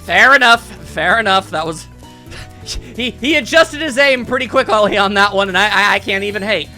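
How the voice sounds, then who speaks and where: A man's voice: high-pitched, moderate pace, sharp tone, soft background music. A man giving casual, jokey, rambling commentary while playing a video game. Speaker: let's play host.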